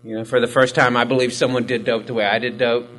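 Man, middle pitch, rambling profane testimony, faint electrical hum behind. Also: little pitch movement, fast talker, a bit bright, poor audio. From Hispanic military family background. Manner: profane, rambling, self-mocking with frequent fillers. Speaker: recovery storyteller. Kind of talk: candid personal testimony.

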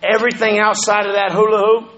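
A high-pitched man speaks briskly in a level, slightly bright tone on a muffled recording. He recounts his recovery as a personal testimony, casual and foul-mouthed, regularly checking with listeners: "you know what I'm saying."

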